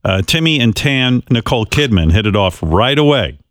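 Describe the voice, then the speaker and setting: A man's voice: medium pitch, lively intonation, moderate pace, very noisy. A man hosting a radio show, telling a prank story in a wry way. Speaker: radio host. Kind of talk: radio talk. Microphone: studio microphone.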